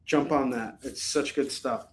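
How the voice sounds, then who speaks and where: A man's voice: medium pitch, steady tone, a little slow. A man hosting a live online shopping show, chatting casually and reading out items and prices in an upbeat way. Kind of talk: casual live-stream selling.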